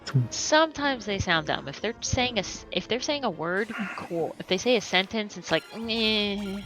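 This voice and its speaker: A woman from Florida chatting on a game stream, talkative and quick to correct others. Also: mid-range voice, very animated, music in the background. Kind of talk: casual live-stream banter.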